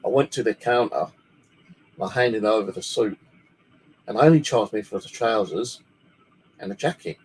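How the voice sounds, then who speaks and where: Rambling, swearing Englishman with a lowish voice. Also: normal speed, pauses often, a little mellow, husky, rough recording. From United Kingdom. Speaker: paranormal channel host. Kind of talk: casual storytelling. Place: his bedroom at home.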